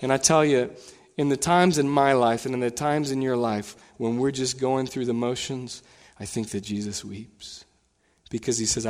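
A man preaching a sermon as pastor in a church, animated, his voice climbing higher and louder when he retells scenes. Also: normal speed, long reverb tail. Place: church sanctuary.

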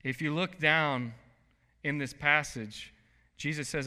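A man preaching a sermon as pastor, swinging from soft, quiet lines to loud bursts. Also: on the high side, slow, long pauses, clean tone. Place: church sanctuary. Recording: long hall reverb.

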